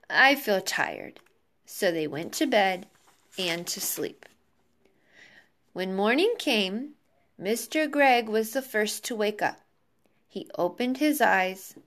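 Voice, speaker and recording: A woman teacher reading a children's book aloud to her class over a video call, slow and expressive. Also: medium pitch. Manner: slow, expressive, warm sign-off to pupils.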